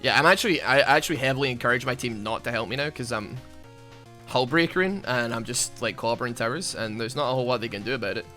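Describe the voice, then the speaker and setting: A young man giving casual, rambling gameplay commentary, self-mocking and given to sudden loud outbursts at the game. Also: medium pitch, fast, faint music behind. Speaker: gaming YouTuber.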